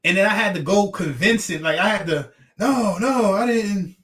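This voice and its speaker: A man hosting a casual stream chat, talking in an animated, repetitive, teasing way. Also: high voice, moderate pace. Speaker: livestream host talking with guests.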